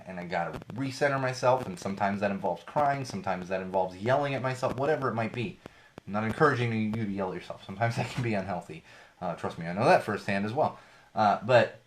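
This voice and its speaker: Young man, podcast host, rambling and candid, lots of restarts, casual solo talk. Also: medium pitch.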